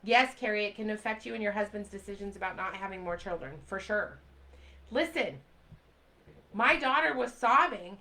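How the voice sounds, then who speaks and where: Bright-voiced woman pleading with urgency. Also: medium pitch, normal speed, rough recording. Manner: urgent, pleading, repeats phrases for emphasis; reads and answers live comments. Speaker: livestream host. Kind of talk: impassioned direct-to-camera talk.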